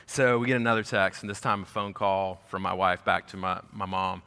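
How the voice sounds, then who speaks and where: A man preaching as a pastor, telling a personal story in an animated way and acting out the voices of the people in it. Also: sits low, brisk, clean tone. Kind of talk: storytelling sermon. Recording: echoey hall.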